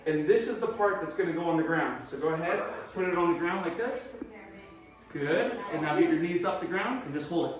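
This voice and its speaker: A man leading a home workout as a fitness instructor, encouraging and quick with short praise, recorded indoors at home. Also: fairly high pitch, expressive, faint music behind. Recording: echoey room, far from the mic.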